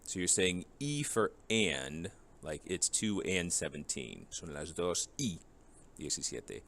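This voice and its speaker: Slow, low-voiced male Spanish teacher. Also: sing-song, vocal fry, fairly bright tone. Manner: slow, patient explaining, drilling words. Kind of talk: classroom video lesson.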